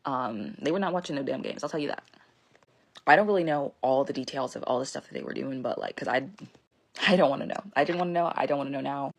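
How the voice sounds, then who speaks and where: A young woman with a low voice tells a personal story at a fast clip. She rambles, leans on filler words and swears freely, in a casual storytime manner recorded on a phone.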